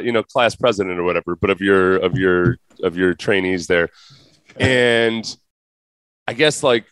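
A man's voice: fairly low pitch, fairly bright tone, clear, resonant tone, no room sound. A man hosting a podcast in casual chat, rambling through a story and laughing as he goes. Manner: rambling, searches for words, laughs through his stories. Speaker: podcast host.

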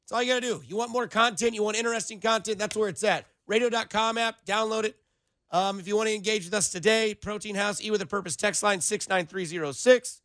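High, bright-voiced male sports radio host. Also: fast talker, dry recording. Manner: animated, rambling, playful comparisons. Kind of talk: casual sports radio banter. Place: radio studio.

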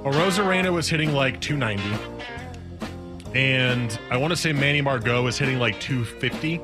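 A man's voice: medium pitch, moderate pace, music in the background. Playful male sports radio co-host. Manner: playful, teasing banter. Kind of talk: casual sports talk.

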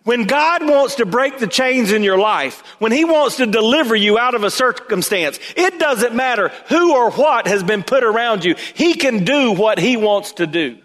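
A man pastor preaching a sermon, swinging from loud emphatic bursts to hushed low asides. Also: animated, moderate pace, hardly any pauses. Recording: long hall reverb.

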